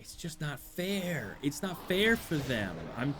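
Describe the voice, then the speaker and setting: A man's voice: a little high, very animated, slow pace, noisy background. A man streaming a video game, giving rambling, wry commentary that easily drifts off topic. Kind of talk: let's play commentary.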